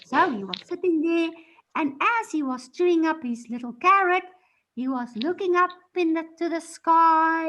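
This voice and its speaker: A woman teacher reading a story aloud to her class, animated, acting out the parts. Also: extremely high pitch, rough recording. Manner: animated storyteller, gasps and acts out voices.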